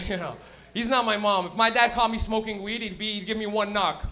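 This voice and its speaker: A man doing a stand-up set at a live comedy club. He is loud and profane and laughs at his own stories. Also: high voice, steady tone, fairly quick, few pauses, a little hiss or hum.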